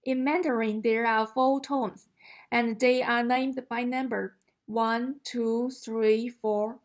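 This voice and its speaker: A high-voiced woman teaching a language lesson, her first language Chinese. She speaks slowly and carefully and says example sounds aloud for the listener. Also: fairly even intonation. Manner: slow, careful explanation, demonstrating tones aloud.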